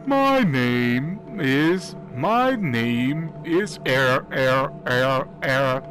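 A man voicing a haunted male mechanic creature who stammers and repeats words in a slow, singsong way, over loud game music. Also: mid-range voice, animated. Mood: menacing.

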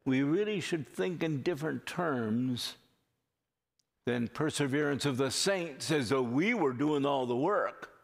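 A man delivering a sermon at an unhurried, deliberate pace, leaning into key phrases with earnest emphasis. His voice sits at an ordinary middle pitch. It rings out with a long reverb, as in a church sanctuary. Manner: slow, earnest preaching with drawn-out emphatic phrases. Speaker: pastor.

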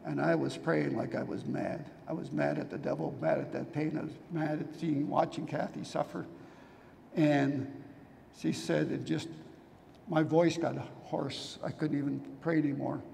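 An older pastor delivers a sermon in a hoarse, deeply gravelly voice with a mellow, dark tone, speaking unhurriedly and evenly. He tells his stories earnestly, sounding worn from years of preaching. A long hall reverb and faint hiss color the recording.

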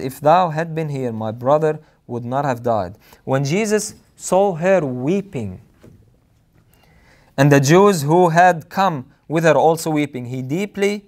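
A man preaching a sermon in an earnest, emphatic way, repeating phrases for weight. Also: on the high side.

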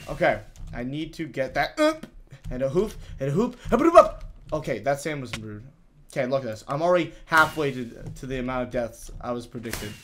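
A man giving live gameplay commentary, talking to himself in frustrated, excitable bursts with many restarts. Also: mid-range voice, a little hiss or hum. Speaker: gaming YouTuber.

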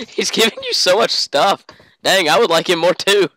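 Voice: medium pitch, moderate pace, fairly bright tone, slight background noise, poor audio. A live streamer chatting casually and jokingly while playing a game, prone to mock-dramatic outbursts. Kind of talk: casual gaming chat. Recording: electronic music playing behind.

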